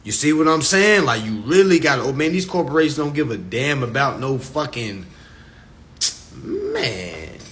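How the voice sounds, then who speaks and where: A livestream host with a mid-range voice swings hugely in pitch while ranting at a normal speed. His fairly bright tone carries a little hiss or hum from the phone stream. The unscripted rant is profane and preachy, with points repeated emphatically.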